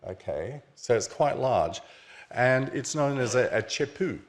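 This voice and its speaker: A man's voice: mid-range voice, animated, measured pace. A man giving an illustrated lecture at a book launch, explaining objects on his slides in a casual, conversational way. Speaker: author presenting his book. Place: museum event venue.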